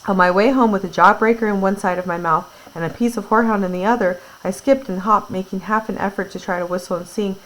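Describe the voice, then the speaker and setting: A woman's voice: mid-range voice, steady tone, fast talker, hardly any pauses, a bit bright, low-quality recording. Woman reading a novel aloud to a class. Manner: reads aloud, then retells in casual words with fillers. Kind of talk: classroom read-aloud with retelling.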